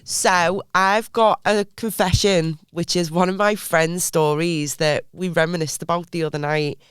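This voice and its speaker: A woman's voice: lowish voice, fairly even intonation, unhurried, clear, resonant tone, dry recording, clean studio sound. A woman co-hosting a podcast, chatting casually, teasing, laughing often and swearing. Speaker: podcast co-host. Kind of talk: casual chat.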